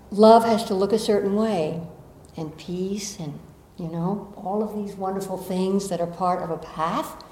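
A woman's voice: medium pitch, dark tone. A middle-aged woman with a Southern American accent, a spiritual teacher giving an earnest, reflective talk to an audience with playful asides. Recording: echoey room.

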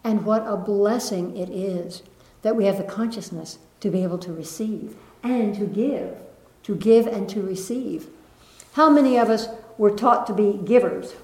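A woman giving a gentle spiritual talk to a live audience, lilting and laughing softly. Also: medium pitch, moderate pace. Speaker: spiritual teacher. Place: room with an audience. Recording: echoey room.

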